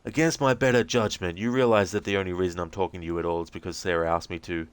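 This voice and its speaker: A prickly small-town radio host, as a man reads his part, answering in stiff, formal, resentful sentences. The voice is smooth and a little lifted. It is recorded close and dry. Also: low-pitched, fairly even intonation, fast talker, dry recording, natural voice. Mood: defensive. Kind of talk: reading game transcripts aloud with voices.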